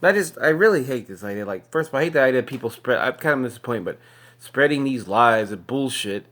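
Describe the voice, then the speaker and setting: A man's voice: mid-range voice, lively intonation, fast talker, a bit bright. Profane ranting man. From Texas. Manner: swears heavily, ranting and indignant. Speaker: podcast host. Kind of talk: angry ranting monologue.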